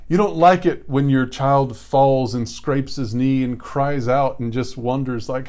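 A man preaching a sermon, retelling a scripture story earnestly with rhetorical questions and dramatic pauses. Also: mid-range voice, a little mellow.

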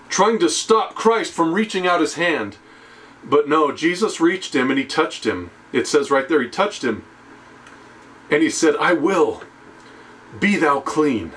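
A man giving a conversational sermon, often checking in with "okay?" and "right?" and slowing down to a hushed tone on key phrases. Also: fairly high pitch, slight background noise. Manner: conversational preaching with tag questions. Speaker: preacher.

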